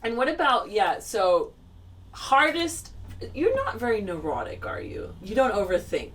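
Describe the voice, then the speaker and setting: A woman's voice: fairly high pitch, huge pitch swings, a little slow. A woman host asking rambling, enthusiastic questions in a casual interview. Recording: distant mic with faint ambient noise.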